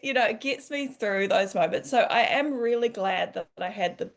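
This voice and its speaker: A woman's voice: on the high side, normal speed, hardly any pauses. A woman and mother telling a personal story in a casual way, acting out her own thoughts and laughing as she goes. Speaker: guest mother.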